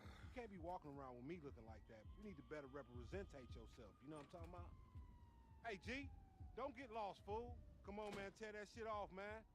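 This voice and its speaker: Brash street hustler, high voice, loud profane slang, game cutscene, audible background noise. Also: male voice, lively intonation, brisk. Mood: pushy. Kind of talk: video game cutscene dialogue. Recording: game audio with clear ambient noise.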